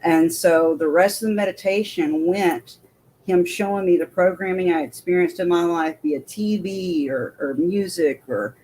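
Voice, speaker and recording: A woman's voice: on the low side, normal speed, mellow, slight background noise. A woman, a military veteran, telling her story as an interview guest in a rambling way with many restarts.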